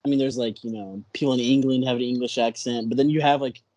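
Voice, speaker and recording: A man's voice: mid-range voice, steady tone, fast, warm tone. A man with a Texan accent, a podcast guest in casual chat who hesitates and searches for words.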